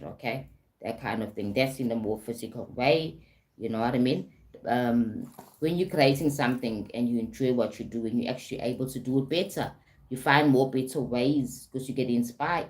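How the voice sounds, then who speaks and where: Woman, South African accent, very low pitch, life coach, live-stream talk, frequent "okay?". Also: a little mellow. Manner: repeats "right?" and "okay?" often, greets viewers.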